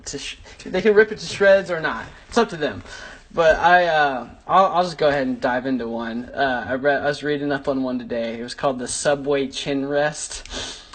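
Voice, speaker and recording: A man's voice: medium pitch, normal speed, fairly bright tone. A man co-hosting a podcast in casual banter, rambling playfully and laughing often. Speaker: podcast co-host. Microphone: wireless mic.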